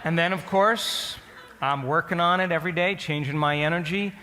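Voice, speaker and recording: A man giving a storytelling lecture to an audience, speaking in an animated way and often asking the listeners questions. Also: on the high side, moderate pace, big-room sound, background noise.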